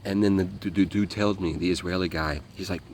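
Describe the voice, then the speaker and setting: A man with a fairly low voice tells a story as an interview guest. He talks casually and with a lot of energy, acting out what people said and swearing freely. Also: fairly quick, a little hiss or hum. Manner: animated, acts out quotes, swears freely.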